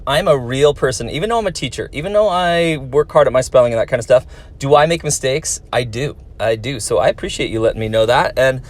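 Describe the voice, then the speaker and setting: A man who teaches, reading viewer comments aloud and answering them in a friendly, encouraging way for young fans. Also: medium pitch. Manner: friendly, encouraging, talks to kids.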